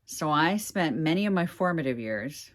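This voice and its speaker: A woman with a low, lively voice talks her way through a craft project, thinking aloud as she goes. A slight Southern American lilt comes and goes in her speech. Her pitch swings widely from phrase to phrase. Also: moderate pace. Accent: slight Southern American, slips in and out. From United States. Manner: chatty, thinks aloud while working. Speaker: craft vlogger. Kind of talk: casual crafting chat.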